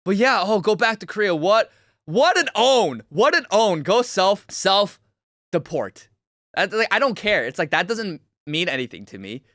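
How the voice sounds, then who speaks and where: A young man hosting a livestream, reacting to a video with loud, mocking, excitable commentary. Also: high-pitched, a little slow, dry recording, clean studio sound. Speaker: streamer host.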